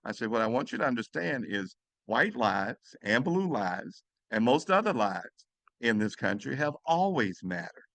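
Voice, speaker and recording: A man's voice: mid-range voice, sing-song, normal speed, a bit bright, dry recording. A man, a Catholic priest, telling a story in an earnest, emphatic way with frequent restarts. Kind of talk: storytelling talk.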